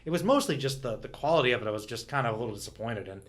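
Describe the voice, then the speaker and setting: A man's voice: medium pitch, expressive, very fast. A man co-hosting a podcast in casual chat, rambling and cutting himself off, laughing often. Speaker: podcast co-host.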